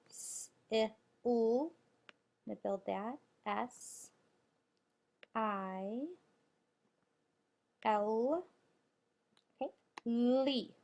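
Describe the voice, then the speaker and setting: A woman teacher giving a recorded spelling lesson to young children, spelling out letters and clapping out syllables deliberately. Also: fairly high pitch, gravelly.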